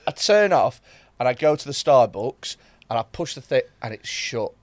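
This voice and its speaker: A man's voice: medium pitch, lively intonation, normal speed. A man telling a long story in casual chat, repeating words and laughing as he goes. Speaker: guest comedian.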